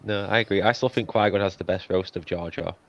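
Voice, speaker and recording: A man's voice: low-pitched, fairly even intonation, fast talker, vocal fry. A man from Sheffield with a Sheffield English accent, chatting casually as a podcast co-host who laughs often and pokes fun at himself. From Sheffield, England. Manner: laughs often, self-deprecating. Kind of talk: casual chat. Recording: muffled lo-fi sound.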